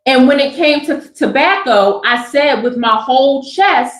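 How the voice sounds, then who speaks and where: A woman giving a casual tarot livestream, who says "tap in" often and slows right down to stress her points. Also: high-pitched, animated, a bit bright, echoey room, rough recording. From Southern California. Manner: emphatic, repeats "tap in" and "y'all"; slows way down for emphasis. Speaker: tarot reader and spiritual speaker.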